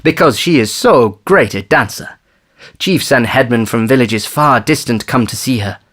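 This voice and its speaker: A man's voice: medium pitch, moderate pace, fairly bright tone, husky. A man voicing a proud, scheming old chief who bargains and complains.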